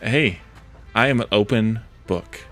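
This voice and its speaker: A man's voice: on the low side, a little slow, a bit bright, faint music behind. Casual man narrating his gameplay. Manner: thinks aloud, chatting with viewers. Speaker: streamer playing a video game. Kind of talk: casual let's-play commentary.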